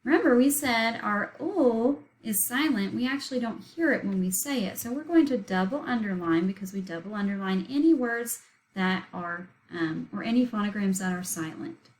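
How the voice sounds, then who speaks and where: A woman's voice: medium pitch, expressive, moderate pace, poor audio. A woman teaching a recorded spelling lesson, patiently sounding out words letter by letter and syllable by syllable.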